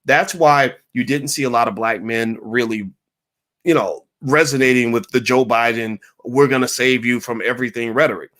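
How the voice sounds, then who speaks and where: A man's voice: medium pitch, normal speed. Emphatic man hosting a livestream. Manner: emphatic, animated, mocking asides. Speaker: livestream host answering viewer questions. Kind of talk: casual livestream commentary.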